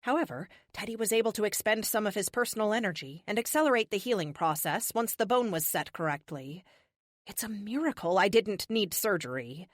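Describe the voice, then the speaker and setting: Young woman reading an audiobook, super expressive, dry studio sound. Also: mid-range voice, moderate pace, dry recording. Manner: expressive, dramatic. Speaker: audiobook narrator. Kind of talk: first-person audiobook narration.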